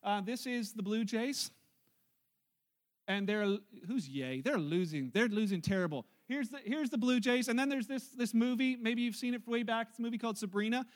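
A man's voice: very high voice, lively intonation, normal speed. A male pastor delivering a sermon at a church service, telling the story in a chatty, joking way.

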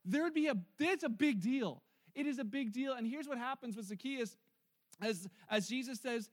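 High-voiced man preaching with lively stories. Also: normal speed. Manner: lively storytelling, acting out quotes. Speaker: pastor. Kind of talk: sermon.

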